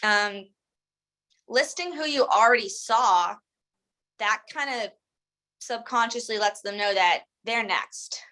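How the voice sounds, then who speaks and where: Bright, chatty woman sales trainer. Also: on the high side, slow pace, long pauses, low-quality recording. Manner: chatty, full of "like" and "um", acts out sales lines. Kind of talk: casual instructional talk.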